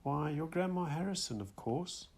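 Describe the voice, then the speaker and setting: A man reading the soft, delighted lines of a gentle spirit grandmother in an audiobook. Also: fairly high pitch, expressive, moderate pace, creaky, voice pushed up.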